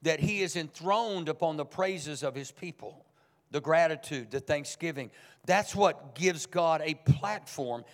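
A man's voice: a little high, a little slow, in a large hall. A man preaching a sermon as pastor, speaking in a conversational but emphatic way. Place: church sanctuary.

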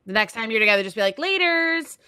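A woman's voice: mid-range voice, little pitch movement, rapid-fire, pushed and bright, clear, resonant tone, dry recording, clean studio sound. A woman guest on a podcast, chatting casually and acting out little quoted lines as she gives advice. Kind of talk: casual chat.

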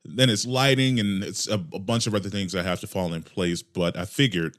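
A man's voice: low-pitched, a little fast, a bit bright. A man hosting his own podcast alone, talking casually in a rambling, jokey and profane way into a desk mic. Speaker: podcast host. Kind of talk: casual solo podcast monologue. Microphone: desk microphone with headphones.

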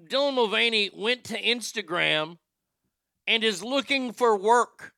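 A man hosting a show, ranting in a profane, comedic way and swinging from shouting to muttering. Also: high voice, lively intonation, unhurried, vocal fry, clean tone, no echo, clean studio sound. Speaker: show host.

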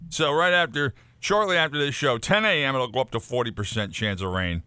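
A man's voice: mid-range voice, expressive, bright, forceful tone, clear, resonant tone, no echo. A man co-hosting a morning radio show, reading the weather and teasing his partners with dry jokes. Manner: wry, teasing, halting with fillers. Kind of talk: casual on-air banter.

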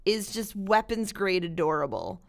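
Woman, co-host, casual chat, bubbly, animated, laughs a lot. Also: mid-range voice, normal speed, gravelly. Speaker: podcast co-host. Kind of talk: casual chat recommending films.

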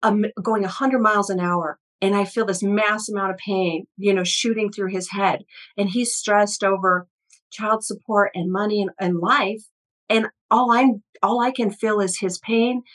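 Woman, middle-aged, energy healer guest, chatty storytelling, restarts a lot, mid pitch. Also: low-quality recording. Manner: animated, quick, many restarts, quotes people. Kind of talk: conversational storytelling interview.

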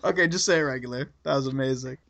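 A man hosting a podcast, teasing his co-host in quick casual banter. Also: mid-range voice, vocal fry, a bit bright, lo-fi sound. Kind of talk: casual chat.

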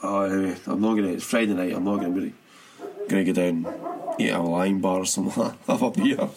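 A man's voice: low voice, steady tone, quick pace, noisy background. A man chatting casually about football as a podcast co-host, rambling with many restarts and laughs.

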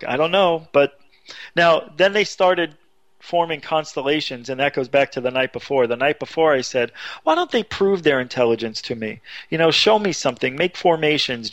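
A man telling a story casually as a radio show guest, animated, jumping his voice high when he quotes people. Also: normal speed, dry recording, dull audio. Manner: animated, acts out quotes with sudden high pitch.

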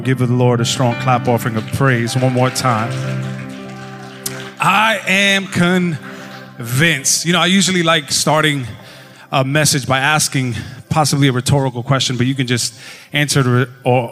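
A man preaching a sermon as pastor, telling a lively story and prompting the crowd. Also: mid-range voice, measured pace. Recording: long hall reverb with music behind.

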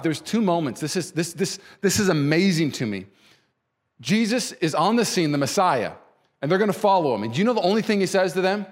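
A man preaching a sermon as pastor, conversational and animated, repeating phrases and voicing quoted people. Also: in a large hall. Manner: voices quoted people with pitch jumps.

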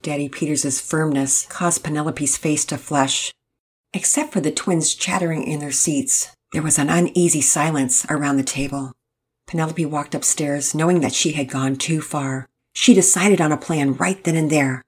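Husky-voiced woman reading a storybook. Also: sits low, normal speed. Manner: expressive, even storytelling. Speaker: narrator.

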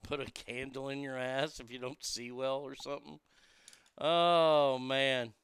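A man's voice: mid-range voice, level tone, measured pace, a bit bright, clear, resonant tone. A man hosting a show, delivering a crude, mocking comedic monologue that rambles with restarts. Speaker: radio show host.

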